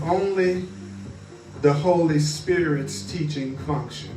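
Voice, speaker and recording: A man's voice: a little high, measured pace, echoey room, recorded from a distance, over music, rough recording. A man teaching spirituality in a rhythmic, repetitive, call-and-response cadence.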